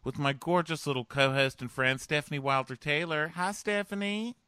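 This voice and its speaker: A man's voice: medium pitch, fairly even intonation, fairly quick, bright, forceful tone, clear, resonant tone, dry recording, studio quality. A man hosting a comedy podcast from a hotel room over a remote link, joking and campy, laughing often. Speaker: podcast host. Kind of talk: casual comedic chat. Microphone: remote connection.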